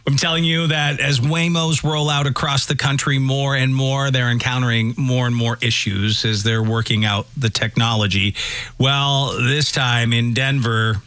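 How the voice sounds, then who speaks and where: A man's voice: medium pitch, steady tone, normal speed, a bit bright. A man hosting a talk show who chats casually, teases his co-hosts and tees up news stories.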